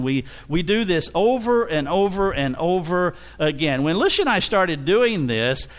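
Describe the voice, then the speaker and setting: Animated male preacher with lively pitch. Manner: animated, acts out dialogue, laughs between points. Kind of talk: sermon.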